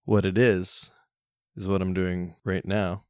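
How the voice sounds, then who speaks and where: A man's voice: low voice, flat delivery, takes it slowly, a little mellow, clear, resonant tone, no echo, studio quality. A young man hosting a solo podcast, rambling casually with jokey, self-mocking, crude humor. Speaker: podcast host.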